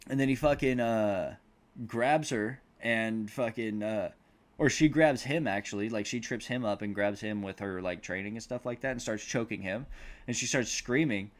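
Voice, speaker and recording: In a casual movie recap, a podcast host with a voice on the low side rambles through a film's plot at a moderate pace. He swears a lot and acts out the characters' lines.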